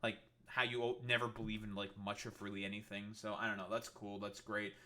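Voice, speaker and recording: A man with a lowish, fairly monotone voice that's pushed and bright reacts to a news video a little fast. Swearing heavily, he mocks it with sarcastic scorn, filling gaps with fillers and often starting over.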